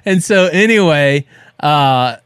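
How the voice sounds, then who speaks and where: A man in his thirties co-hosting a podcast, telling a story in a casual, animated way and laughing as he goes. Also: fairly high pitch, clean tone, no room sound, studio quality. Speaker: podcast co-host.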